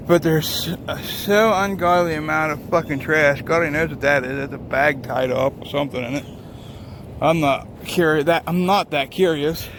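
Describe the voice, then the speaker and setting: This trucker's voice sits a little high, and background noise comes through. He's outdoors at a lakeside rest area holding his phone, doing a casual walking vlog. His thoughts drift as he rambles on, cursing nonstop.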